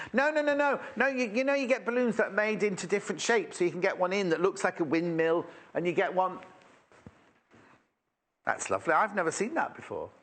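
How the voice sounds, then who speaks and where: Male shopping presenter, lively and rambling, fairly high voice, lots of oohs over the stock. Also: fairly quick. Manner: chatty and rambling, exclaiming over fabrics. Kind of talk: live sales presenting. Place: TV shopping studio.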